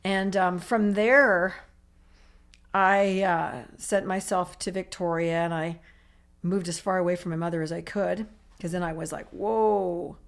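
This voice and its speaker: A woman speaks as an interview guest, recounting her recovery in long, tumbling sentences. Her voice sits a little low for a woman. She strings her thoughts together with constant asides and quoted reactions. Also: fairly even intonation, a little slow. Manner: emotional, run-on storytelling with many "I'm like" asides. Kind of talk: personal recovery story in conversation.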